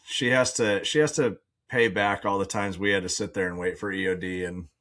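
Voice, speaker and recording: A man with a low voice hosts a casual conversation between veterans. He mostly listens, then cuts in with easygoing jokes. He keeps backing up his guest. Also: a little fast. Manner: relaxed, joking, encouraging interjections. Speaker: podcast host. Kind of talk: casual chat.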